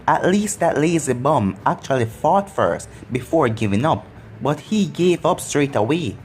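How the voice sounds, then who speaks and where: A narrator reading an excitable teenage girl ninja who exclaims her reactions. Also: medium pitch, measured pace, slight background noise. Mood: exclaiming.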